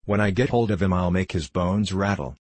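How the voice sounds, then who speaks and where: A man doing a gruff, angry miner father. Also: sits low, fairly quick, dry recording. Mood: threatening. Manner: gruff, threatening, shouting. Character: angry male coal miner father, rough dialect.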